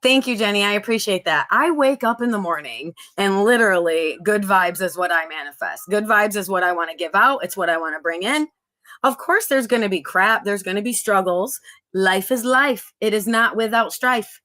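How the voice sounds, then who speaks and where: A woman's voice: medium pitch, lively intonation, moderate pace, sharp tone. A middle-aged woman hosting a live stream, chatting upbeat with viewers and reading out their comments. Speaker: livestream host.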